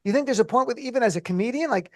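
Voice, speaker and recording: A man hosting a radio talk show, riffing with animated, incredulous humor. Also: extremely high pitch, rapid-fire, dry recording, studio quality. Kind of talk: casual comedic chat.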